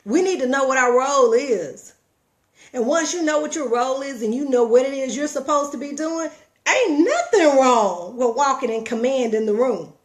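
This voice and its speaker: A middle-aged woman speaks in a folksy, preaching tone, pushing her listeners to get moving. Her voice sits a touch high and she tells her stories with lively, animated energy. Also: moderate pace. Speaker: motivational vlogger. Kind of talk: casual motivational talk.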